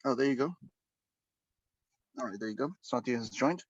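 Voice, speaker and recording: A man's voice: medium pitch, lively intonation, moderate pace, breathy edge, no echo. A man teaching an online English speaking class, explaining at length with frequent fillers and restarts. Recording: dull, lo-fi and dry.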